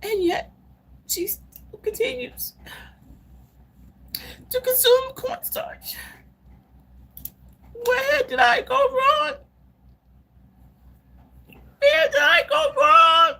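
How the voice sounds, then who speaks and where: A woman's voice: very high voice, lively intonation, very slow, gravelly, long pauses, voice pushed up, exaggerated voice. A woman putting on a wailing, overwrought parent. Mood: wailing despair. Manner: melodramatic sobbing and shouting.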